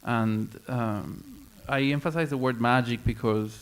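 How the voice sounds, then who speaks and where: A man's voice: medium pitch, fairly even intonation, a little slow, clear, resonant tone. A man speaking on a panel at a round-table discussion, thoughtful and hesitant, with many fillers and restarts.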